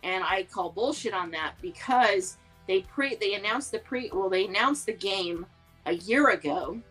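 A woman's voice: mid-range voice, lively intonation, measured pace, a bit bright, husky, faint music behind, rough recording. A woman co-hosting a casual podcast chat, rambling along with lots of fillers and restarts. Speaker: podcast co-host.

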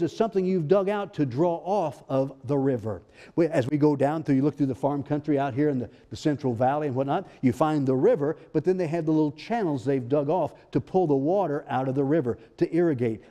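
A man's voice: fairly high pitch, mellow. A male pastor delivering a sermon, building emphasis with rhetorical questions and quoted scripture. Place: church sanctuary. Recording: long church-hall reverb.

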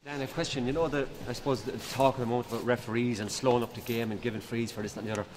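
Man, workshop coach, casual halting question, quick pace, reverberant hall, loud background noise. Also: medium pitch, steady tone.

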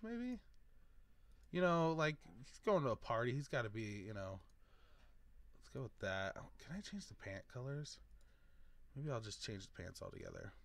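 A man hosting a gaming video, chatting casually and thinking aloud as he picks options. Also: mid-range voice. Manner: rambling, thinking aloud while choosing options. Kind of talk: casual let's-play commentary.

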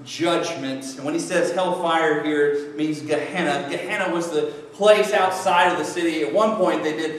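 A man's voice: fairly high pitch, fairly even intonation, moderate pace, few pauses. A man preaching a sermon as pastor, conversational and jokey, acting out people's excuses. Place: church sanctuary. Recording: echoey church hall from far off.

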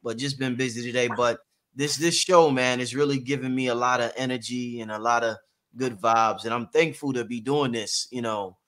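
A man's voice: medium pitch, normal speed, fairly bright tone. A man hosting a casual chat, easygoing and slangy, a little tired. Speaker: host.

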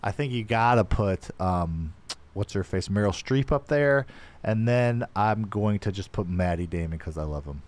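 A man's voice: fairly low pitch, lively intonation, normal speed, darkish tone. A man co-hosting a live podcast, chatting casually and rambling with many fillers and restarts. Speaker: podcast co-host.

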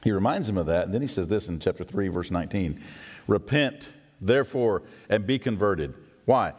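A man preaching a sermon as pastor, conversational and animated, asking the congregation rhetorical questions. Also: lowish voice, normal speed. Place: church sanctuary. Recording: long hall reverb.

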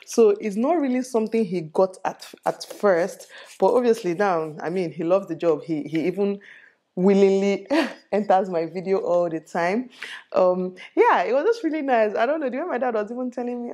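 A woman's voice: medium pitch, moderate pace, darkish tone. A Nigerian woman in her thirties, a beauty vlogger chatting casually and laughing often as she styles a wig and tells a story. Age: 30s. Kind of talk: casual chat while styling a wig.

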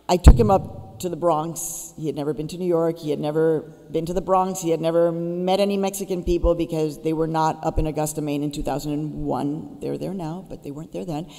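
A woman with a low, mellow voice gives a public keynote address in a school auditorium, the recording echoing with the room. Through storytelling, she speaks to her listeners and presses them directly.

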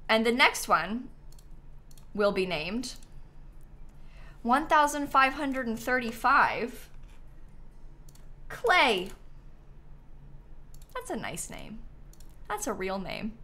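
A young woman chatting casually to her viewers while playing a game live, animated and talking back to the game. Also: fairly high pitch, very slow, pauses often. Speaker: streamer. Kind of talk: casual live-stream gameplay chat. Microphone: headset.

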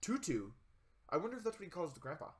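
A young man giving casual, chatty commentary while playing a video game, excitable with jokey asides. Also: high-pitched, fast talker. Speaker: let's play gamer.

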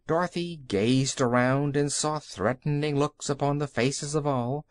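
A man narrating a children's audiobook with expressive storytelling. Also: on the high side, a little slow, few pauses, no room sound.

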